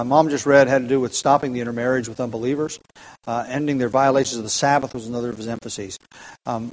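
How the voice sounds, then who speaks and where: Halting man teaching a Bible class. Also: mid-range voice, a little mellow, poor audio. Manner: halting, with many fillers and restarts, asks the class for verses. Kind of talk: casual Bible class lecture.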